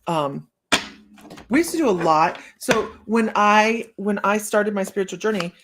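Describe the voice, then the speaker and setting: A woman's voice: mid-range voice, animated, unhurried, noisy background. A woman in her fifties, a psychic reader hosting a live stream, chatting casually with her viewers, laughing often and playfully talking straight to them. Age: 50s.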